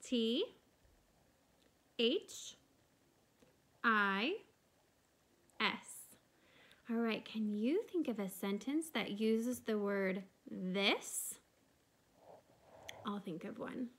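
A woman kindergarten teacher giving a video lesson to young children, talking clearly and encouragingly. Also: on the high side, lively intonation, extremely slow, long pauses, a bit bright.

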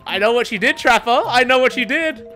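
A man in his twenties commentating his own gameplay, excitable and swearing often, pleading and yelling at the game, voice going hoarse. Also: very high voice, fairly quick, soft background music. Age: 20s. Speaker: gaming YouTuber.

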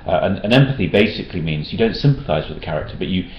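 Low-voiced man, animated intonation, casual Q&A chat, echoey room. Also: racing. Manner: hesitant, many restarts, animated. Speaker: game developer answering backer questions. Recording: roomy dull-sounding room recording.

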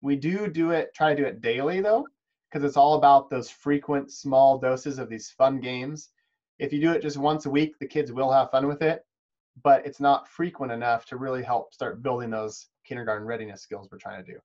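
A man's voice: medium pitch, fairly even intonation, moderate pace, a little mellow, muffled recording. A man leading an instructional webinar for preschool teachers, explaining in a friendly, encouraging, practical way over a video call. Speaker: webinar presenter teaching chess to preschool educators. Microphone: video call microphone.

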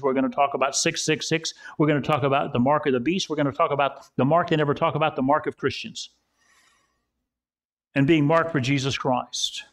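A man preaches at a church service in a relaxed, storytelling way. His voice sits on the higher side for a man. He builds points by repeating phrases. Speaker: pastor. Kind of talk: sermon.

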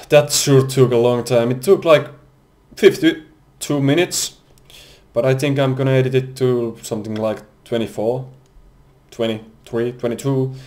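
A man doing let's play commentary, excitable, exclaiming and swearing at the game. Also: medium pitch, a little slow. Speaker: gamer. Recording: game music behind voice.

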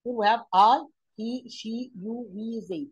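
A woman's voice: fairly high pitch, measured pace, breathy edge, muffled recording. A woman teaching an English grammar lesson online, explaining step by step with many fillers and questions to the pupils.

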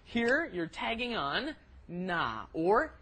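A co-host explaining grammar with enthusiasm in a casual language lesson podcast. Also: male voice, high voice, very animated, slow, pushed and bright.

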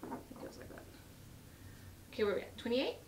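A woman's voice: quick pace, recorded from a distance, heavy background noise. A woman hosting a live jewelry sale, chatty and upbeat as she reads out lot numbers and prices, her voice getting worn. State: losing her voice.

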